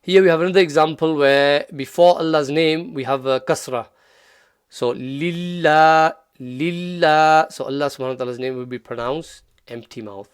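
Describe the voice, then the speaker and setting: A man teaching Quranic pronunciation in a relaxed tutorial, patiently repeating sounds slowly. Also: medium pitch, clear, resonant tone, dry recording, studio quality. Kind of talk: relaxed tutorial, modelling Arabic phrases slowly.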